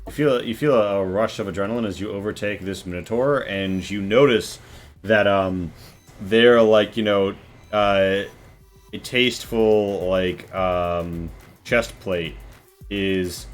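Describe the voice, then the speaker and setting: Low-voiced man running a tabletop game. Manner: relaxed, rambling with many fillers. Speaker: game master.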